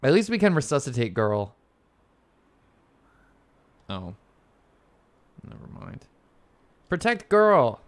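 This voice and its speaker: A man's voice: medium pitch, slow pace, pauses often. A man with a Texas accent doing casual, joking commentary while he livestreams a video game. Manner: joking, excitable, swears when frustrated. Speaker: streamer.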